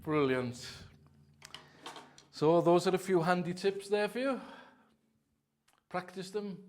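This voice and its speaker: A man with a fairly high speaking voice gives a mock drum lesson in a deadpan, earnest way. He rambles through his tips and often sinks into quiet, muttered asides. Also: takes it slowly, slight background noise. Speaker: drum instructor. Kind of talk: comic mock masterclass.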